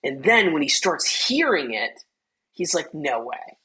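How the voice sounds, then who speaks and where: Man, podcast host, casual film review chat, husky voice, rambling with lots of fillers. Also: fairly high pitch, sing-song, unhurried, pushed and bright, poor audio. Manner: loose and rambling, many fillers, acts out quoted lines.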